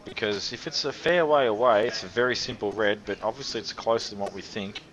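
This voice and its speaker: A man's voice: on the low side, fairly quick, a bit bright, dull audio. A man commentating live snooker, thinking aloud as he reads the table and often restarting his sentences. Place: commentary position at a snooker venue. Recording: crowd audible behind the commentary.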